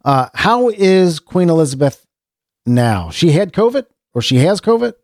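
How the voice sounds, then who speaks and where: Here the American podcast host, middle-aged, speaks a little high and sing-song, unhurried and slightly mellow, in a clean studio recording without room sound. Rambling and chuckling at times, he keeps breaking off and restarting his sentences.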